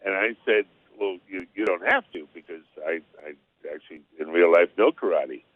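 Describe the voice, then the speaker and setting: A man, an actor guest, calling in by phone and telling anecdotes with halting restarts. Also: low-pitched. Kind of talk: casual interview storytelling. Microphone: phone call-in. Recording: tinny phone line.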